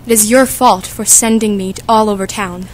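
A woman's voice: medium pitch, fairly even intonation, a little hiss or hum, lightly acted. A woman playing a fussy, chatty old nurse who complains and teases, reading for a school audiobook. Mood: complaining. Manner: complaining, teasing, drawn-out.

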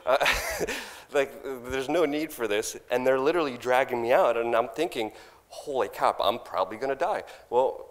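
A man's voice: medium pitch, lively intonation, moderate pace. Man telling a wild story in a reverberant hall. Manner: acts out his own lines loudly, laughing. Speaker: speaker at a conference. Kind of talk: animated storytelling. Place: large conference hall.

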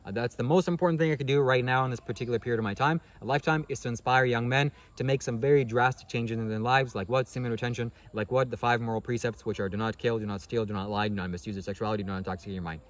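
A man's voice: mid-range voice, steady tone. A man giving a rambling motivational monologue to camera, constantly asking himself questions and checking in with "okay?". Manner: fast-talking, rhetorical questions, frequent "okay?". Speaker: spiritual vlogger.

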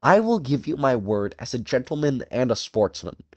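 A man's voice: mid-range voice, very animated, no room sound, lo-fi sound. A man voicing a suave aristocratic male hunter general, cruel and genteel, with a courtly, purring, theatrical delivery, drawing out his phrases. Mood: relishing. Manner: drawn-out, relishing phrasing raised above the narrator's voice. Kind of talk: audiobook character voice.

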